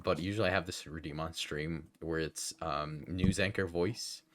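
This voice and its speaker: Man, very low deep voice, streamer host, casual interview chat, laid-back, swears a lot, stumbles over words. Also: steady tone, normal speed.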